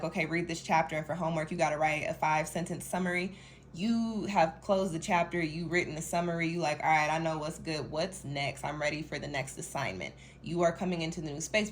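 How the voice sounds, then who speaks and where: A woman's voice: sits low, a little hiss or hum. A young woman from Denver giving a chatty, rambling tarot reading, laughing often. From Denver, Colorado. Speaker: tarot reader. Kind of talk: casual tarot reading monologue.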